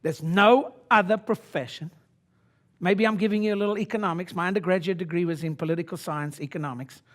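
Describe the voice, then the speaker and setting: A brash older man in his sixties works a seminar room, his voice sitting high for a man. He swings between muttered low asides and loud, pitched-up rallying. A speaker in a conference room before an audience. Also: a little fast. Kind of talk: motivational seminar talk.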